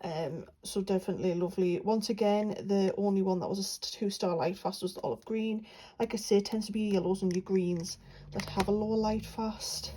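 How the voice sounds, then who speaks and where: A woman's voice: medium pitch, fairly even intonation, a little fast, few pauses, dark tone, slightly rough, rough recording. A young woman from England chatting casually about her paints, rambling with lots of fillers. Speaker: art vlogger. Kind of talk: casual chat while swatching paints.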